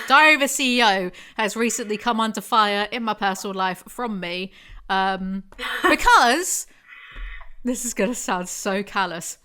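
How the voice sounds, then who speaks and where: A young woman hosting a casual podcast, her voice bright and forward. She talks in a rambling, self-deprecating way, circling back on herself as she thinks aloud. Her pitch sits in a middle range for a woman. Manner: chatty, rambling, self-deprecating with frequent laughs. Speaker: podcast host.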